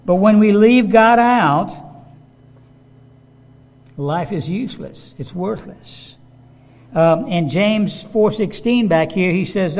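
A man's voice: sits high, unhurried, a little mellow, in a large hall. A man preaching a sermon in a conversational way, with frequent restarts and rising emphasis.

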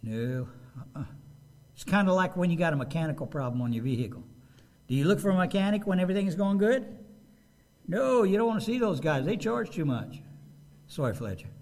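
A man preaches in a casual, animated way, as if talking to friends. His voice is slightly high and swings widely in pitch, and he often drops into quoted speech to act it out. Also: a little fast, long pauses. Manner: animated, conversational, acts out quotes. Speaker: pastor. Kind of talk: sermon.

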